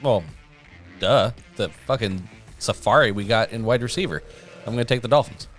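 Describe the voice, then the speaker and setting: A man's voice: lowish voice, moderate pace, soft background music. Blunt man talking football. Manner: blunt, swears casually. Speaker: podcast co-host. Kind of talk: casual sports chat.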